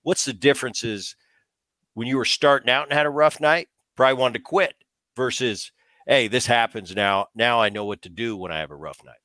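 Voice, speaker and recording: A man's voice: medium pitch, moderate pace, bright, forceful tone, dry recording. A man in his fifties, a former ballplayer hosting a casual interview, asking long, rambling questions. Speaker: host, former baseball player.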